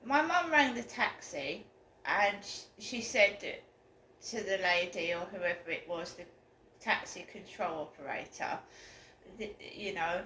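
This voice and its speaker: A woman rambles through a story at a slow, unhurried pace, growing indignant and worked up as she goes. Her voice is bright and fairly high. The room around her is echoey. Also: animated. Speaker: vlogger. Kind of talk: casual storytelling to camera. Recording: roomy echo, faint room noise.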